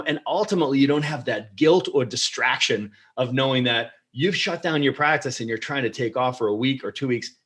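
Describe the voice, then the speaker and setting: Brief: mid-pitched man, chatty, energetic podcast host who laughs easily. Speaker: podcast host and practice coach. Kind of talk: podcast interview.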